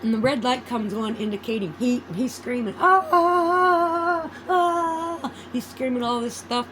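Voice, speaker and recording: A woman with a fairly high voice talks straight to her viewers in a loose, meandering vlog. She drifts from one thought to the next, loses her place, and swears without a second thought. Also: fairly even intonation, brisk, darkish tone, a little hiss or hum, low-quality recording. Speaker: vlogger. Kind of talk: casual rambling chat.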